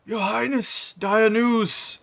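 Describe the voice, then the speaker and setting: A man voicing an older male temple priest who speaks in a raised, hurried, alarmed way. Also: high voice, steady tone, vocal fry, a bit bright, voice pushed up, heavily acted.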